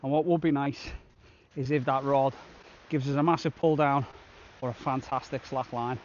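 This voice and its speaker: A man's voice: medium pitch, fairly even intonation, normal speed, muffled recording, slight background noise. A man vlogging a shore fishing trip outdoors on a beach, chatting casually and upbeat to the camera. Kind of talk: casual outdoor vlog narration.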